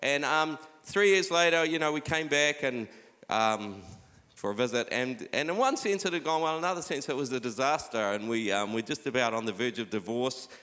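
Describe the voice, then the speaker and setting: A middle-aged man preaching a sermon, urging his listeners on with repeated "come on" and dropping quieter when he reads scripture aloud. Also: medium pitch, animated, moderate pace. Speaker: pastor. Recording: long hall reverb.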